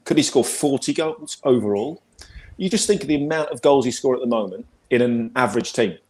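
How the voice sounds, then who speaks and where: A man in his forties with an English accent chats as a football pundit guest over a video call, rambling and repeating words. His medium-pitched voice is expressive and darkish in tone, and he talks fairly quickly.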